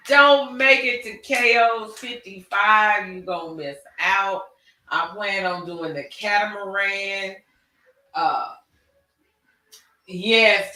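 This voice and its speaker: A man's voice: sits high, sharp tone, recorded from a distance. A man hosting a casual chat, telling stories animatedly with a drawling, slangy delivery. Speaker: podcast host. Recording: echoey room.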